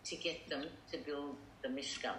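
A woman student asking a hesitant, soft question on a video call. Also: very deep voice, steady tone, moderate pace, a little hiss or hum. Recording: distant roomy video call.

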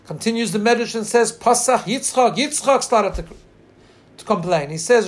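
Guy with a high voice teaching torah, tells the midrash earnestly, draws out the quotes slow. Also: lively intonation. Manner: pauses to share screen and look up text. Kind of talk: Torah class.

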